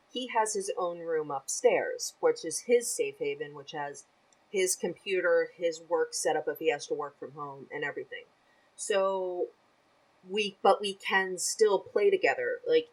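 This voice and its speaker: A woman's voice: low-pitched, rough recording. A woman guest on a podcast, chatting casually and animatedly and laughing easily. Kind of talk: casual chat.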